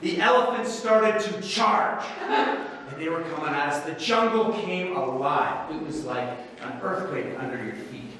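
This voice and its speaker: A Canadian man tells a story to a live audience in a large hall, with playful timing and a lively, wide-ranging voice. The sound is distant and echoing, with a long reverb tail. Audience murmur sits underneath. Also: fairly high pitch, measured pace. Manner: animated, playful, audience-engaging. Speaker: speech contestant. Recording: echoey hall, distant mic, audience noise.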